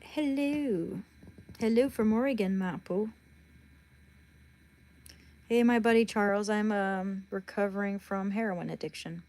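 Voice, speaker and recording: Woman livestreamer, blunt and chatty, mid-pitched voice, talks right to her viewers. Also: steady tone, measured pace, pauses often, a little mellow. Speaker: livestream host. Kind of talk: casual livestream chat.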